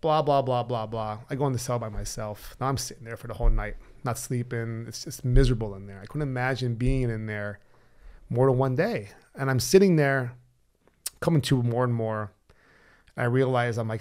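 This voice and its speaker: In a mid-range voice and at a fast clip, a man shares his own story as a podcast guest. He's blunt and lively about it, cursing freely and reenacting conversations from memory.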